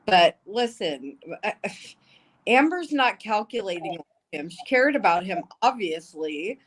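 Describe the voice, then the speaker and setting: A woman's voice: medium pitch, big pitch swings, a little slow, fairly bright tone, poor audio. A woman giving casual live-stream commentary, blunt and swearing often, with emotional asides. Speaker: livestream commentator.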